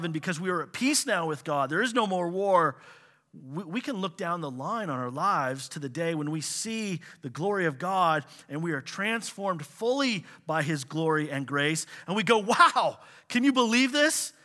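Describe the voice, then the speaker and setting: A male pastor delivering a sermon in a bright, somewhat high voice. He is animated, bursting into loud exclamations and then dropping to quiet asides.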